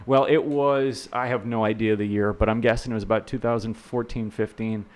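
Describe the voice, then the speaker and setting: A man's voice: on the low side, fairly quick. Chatty middle-aged man telling stories. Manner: animated, laughing, repeats words, acts out quotes. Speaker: real estate instructor. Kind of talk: casual podcast storytelling.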